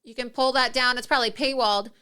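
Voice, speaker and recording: A woman's voice: on the high side, fairly even intonation, fast talker, sharp tone, clean tone. A woman hosting a political talk show, ranting with indignation and laughing mid-sentence. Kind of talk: opinionated political commentary.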